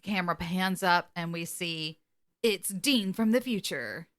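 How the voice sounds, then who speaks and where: A woman's voice: fairly low pitch, a little slow. A woman co-hosting a podcast, casually retelling a TV episode and quoting the characters with laughs. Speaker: podcast co-host.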